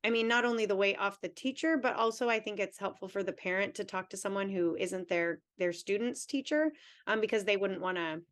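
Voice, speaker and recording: A woman's voice: mid-range voice, a little fast, a bit bright. A woman in her thirties, a teachers' union president, answering questions at a town hall in an earnest, candid way with long run-on thoughts.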